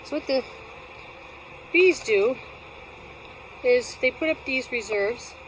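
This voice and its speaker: A woman's voice: high voice, expressive, slow pace, poor audio. A woman beekeeper talking at her hives outdoors in a chatty, playful vlog style, teasing herself as she goes. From Alaska. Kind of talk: casual outdoor how-to vlog. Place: outdoors at a bee yard. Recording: outdoor noise, passing vehicles.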